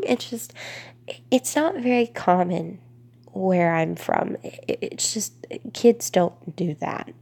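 A congested young woman from Florida chatting casually to camera, drifting into soft whispers between answers. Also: mid-range voice, slow, gravelly. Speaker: vlogger.

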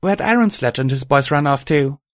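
A man voices a grateful, earnest and emotional young winged pony hero, his tone a little high with lively intonation and a moderate pace. It's pitched above his own voice yet sounds natural, captured in clean studio sound with no room echo.

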